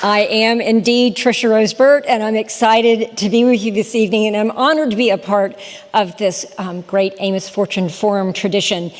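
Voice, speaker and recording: A woman, telling her story in a lively, chatty speech to a live audience. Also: mid-range voice, normal speed, slight background noise. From Southern United States. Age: 60s. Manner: animated, chatty, talks straight to the crowd. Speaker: storyteller and podcast host giving a talk. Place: lecture hall with a live audience. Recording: reverberant hall.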